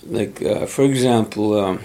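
Brief: middle-aged man, gravelly, unhurried, thoughtful interviewee. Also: fairly low pitch, dark tone. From Pimicikamak Cree Nation, Canada. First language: Cree. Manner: measured, thoughtful, pauses often to find words. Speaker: interviewee, former Cree teacher. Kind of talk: conversational interview.

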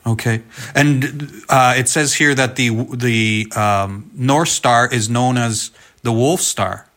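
A man's voice: mid-range voice, takes it slowly, fairly bright tone. A man interviewing a storyteller, asking short, curious follow-up questions and adding brief narration.

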